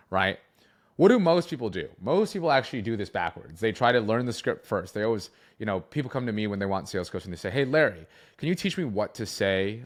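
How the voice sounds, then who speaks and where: A young man talks through sales lessons with a fairly low voice. His delivery is animated, and he leans on words and changes pace for effect. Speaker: sales coach. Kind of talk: coaching talk to camera.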